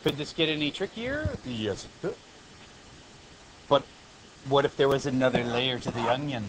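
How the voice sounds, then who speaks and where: A man teaching high school math in a classroom lecture, explaining steps plainly and breaking off into joking asides. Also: expressive, normal speed, background noise.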